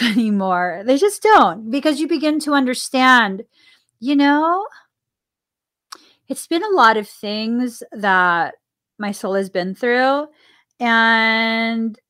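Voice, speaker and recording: A woman with a fairly high, fairly bright voice hosts a spiritual podcast, reflecting earnestly on her own life. She asks herself questions and laughs often.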